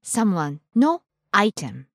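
Lively, breathy Japanese woman teaching. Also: medium pitch, slow, no echo, studio quality. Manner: lively, giggly, demonstrates pronunciation. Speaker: language teacher. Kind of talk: casual teaching chat.

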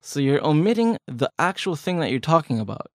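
A man's voice: fairly high pitch, sing-song, a little fast, dry recording, clean studio sound. A man co-hosting a casual language-learning podcast, explaining with jokes and everyday examples. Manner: chatty, joking, explains with examples. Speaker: language lesson co-host.

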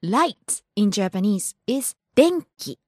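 Lady teacher on a language podcast, breathy, lively pitch, dry mic. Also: no room sound. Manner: patient, models words slowly and clearly. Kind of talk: language lesson.

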